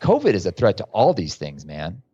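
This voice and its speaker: Low-voiced man telling lively stories. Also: normal speed, slightly rough, dry recording, highs cut off. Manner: lively storyteller, casual with "man" and "brother". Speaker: guest author and leadership coach. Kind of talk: podcast interview, storytelling.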